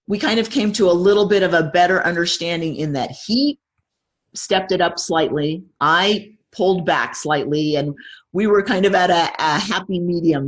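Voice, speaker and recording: Breathy middle-aged woman, reflective. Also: fairly low pitch. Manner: reflective, measured, with frequent restarts. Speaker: guest. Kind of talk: personal interview conversation.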